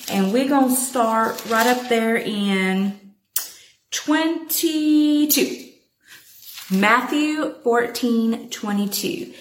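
A woman's voice: a little high, roomy sound, a little hiss or hum. Chatty woman teaching scripture. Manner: chatty and animated, addresses listeners as y'all. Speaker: Bible teacher. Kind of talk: casual Bible teaching.

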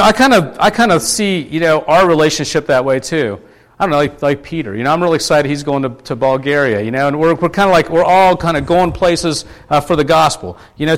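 A man preaching a conversational sermon, asking his congregation questions and restarting his sentences often. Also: a little high. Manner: chatty, asks the congregation questions; many fillers and restarts. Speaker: pastor.

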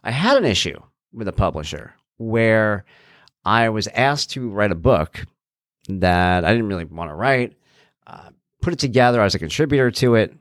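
Man, middle-aged, solo podcast host, low pitch, very animated delivery, earnest and off-the-cuff, dry close sound. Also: normal speed, no echo. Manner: earnest, animated, thinking aloud with restarts. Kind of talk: casual solo podcast talk.

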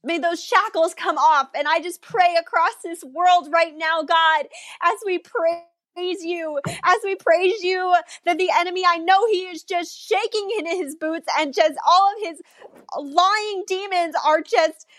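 A woman's voice: very high voice, measured pace, a bit bright, dry recording, studio quality. A woman preaching and praying fervently, with repeated declarations and prophetic words to listeners.

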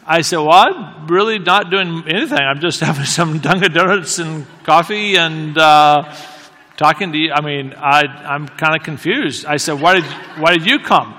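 A man telling a story in a halting, self-deprecating way, with many restarts. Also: on the high side, bright, forceful tone, long reverb tail. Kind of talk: anecdotal storytelling talk.

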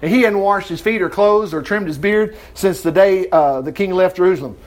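A man teaching an informal Bible study, reading scripture aloud and breaking in with lively comments. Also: high-pitched, brisk.

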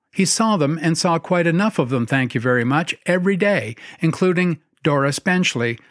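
A man reading a story aloud in a wry, measured storytelling manner. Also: fairly high pitch, no echo, studio quality. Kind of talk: scripted narration.

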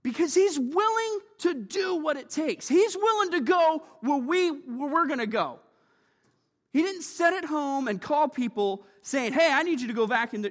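Man, preacher, sermon, very high voice, lively, jokey, asks for amens, church hall reverb. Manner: lively, joking, calls for amens.

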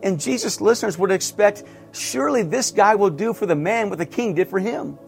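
A man's voice: sits high, brisk, creaky, faint music behind. A middle-aged man, a pastor, preaching a sermon with earnest, emphatic repetition.

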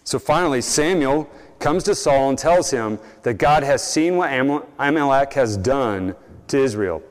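A man's voice: mid-range voice, normal speed. A young man preaching a sermon, telling stories and acting out the people he quotes. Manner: animated storytelling, acts out quoted voices. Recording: long reverb in a large hall.

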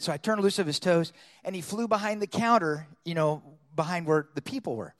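Male storyteller preacher, high pitch, lively and dramatic delivery. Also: brisk, big-room sound. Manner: animated storyteller acting out voices. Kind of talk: storytelling sermon.

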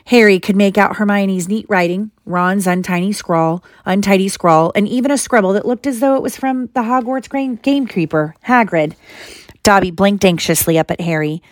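A woman, a mother, reading a storybook aloud to her child in steady narration. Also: mid-range voice, normal speed, no echo, clean studio sound.

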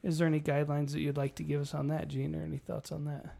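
Middle-aged male co-host, gravelly, slightly high voice, animated storyteller. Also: fast. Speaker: podcast co-host. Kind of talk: casual storytelling chat.

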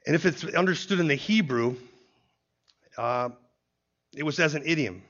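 A man's voice: a little high, moderate pace, a bit bright. Man teaching the Bible, muffled recording. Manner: explanatory, often opens points with "see". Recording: dull lo-fi recording.

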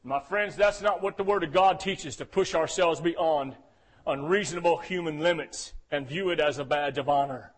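High-voiced preacher. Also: male voice, moderate pace. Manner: dynamic preaching, swinging from soft and low to loud and shouting; calls for "Amen?" responses. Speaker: pastor. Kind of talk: sermon.

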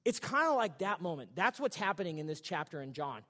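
A man's voice: sits high, very animated, brisk, bright, forceful tone, in a large hall. A male pastor preaching a sermon in a church sanctuary, in a casual, joking, conversational way.

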